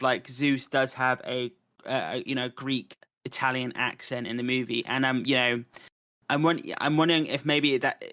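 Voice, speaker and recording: A man talks through a film review in loose, casual podcast chat, and his voice rings bright and forward. He rambles, circles back and restarts his sentences often, with plenty of fillers between thoughts. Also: mid-range voice. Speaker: podcast host.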